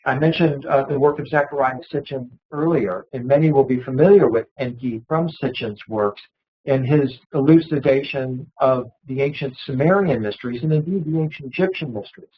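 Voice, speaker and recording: Halting, earnest man lecturing, slightly high. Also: muffled recording. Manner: earnest, halting with repeated words and fillers. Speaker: presenter of an ancient mysteries series. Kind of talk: lecture on ancient mysteries.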